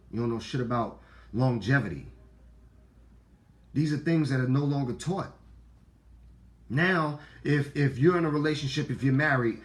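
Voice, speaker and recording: A man with a deep voice and a Black way of talking, giving a casual, preachy monologue to viewers. He repeats lines for emphasis and swears freely, jumping from loud outbursts to low murmurs. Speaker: online talk host.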